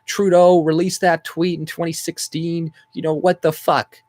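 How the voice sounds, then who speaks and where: A man putting on the voice of a whiny woman who demands money for her teeth, in a mocking high falsetto. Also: flat delivery, a little slow, a little mellow, natural voice.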